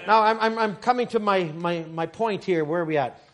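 A middle-aged man preaching a sermon in a high voice. He stumbles and repeats himself as he starts sentences, then builds his points up into shouted lines. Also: fairly quick. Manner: stammering restarts, rising to shouts.

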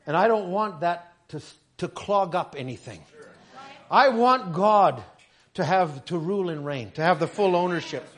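A middle-aged man preaching a sermon in a high voice. He stumbles and repeats himself as he starts sentences, then builds his points up into shouted lines. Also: lively intonation, measured pace. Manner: stammering restarts, rising to shouts.

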